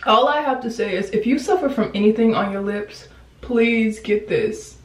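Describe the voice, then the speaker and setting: A woman's voice: a little high, normal speed. A young woman chatting playfully through a makeup tutorial, rambling with side jokes. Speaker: beauty vlogger. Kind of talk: casual makeup tutorial chat. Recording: roomy, slightly distant.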